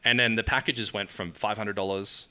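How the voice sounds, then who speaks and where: A man's voice: fairly low pitch, normal speed, clean tone. A man, a guest on a podcast, telling stories casually and acting out the dialogue with lots of laughter. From Australia. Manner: animated storyteller acting out dialogue, laughing often. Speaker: guest, agency founder.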